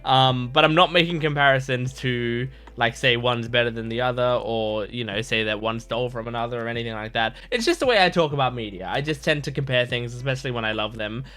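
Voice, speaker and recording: A man's voice: mid-range voice, a little fast, hardly any pauses, sharp tone. A man hosting a reaction video in casual chat, rambling and chatty with frequent restarts.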